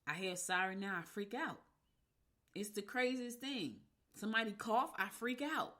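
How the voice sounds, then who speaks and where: A middle-aged woman from Newark hosting a radio show, talking in a casual, animated, candid way and swearing freely. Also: mid-range voice, moderate pace. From Newark, New Jersey. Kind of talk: casual personal monologue.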